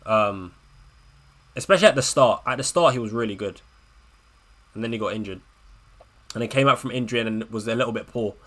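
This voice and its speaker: A man hosting a live fantasy football watchalong, talking casually, swinging between low mutters and loud frustrated rants, often repeating himself and swearing. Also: brisk, long pauses. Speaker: livestream host.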